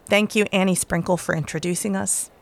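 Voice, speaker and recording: A woman's voice: mid-range voice, fairly even intonation, a little fast, creaky. A woman host introducing the next storyteller on stage, speaking with pride. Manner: warm, proud introduction.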